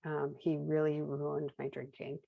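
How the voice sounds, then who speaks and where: A woman in her fifties from Minnesota tells her own recovery story in a candid, wry way, acting out the dialogue she recalls. Her voice sits low with a gravelly edge, and the sound is dry and close. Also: completely flat delivery, unhurried, no echo, phone-quality sound. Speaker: guest sharing recovery story. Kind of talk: casual personal storytelling.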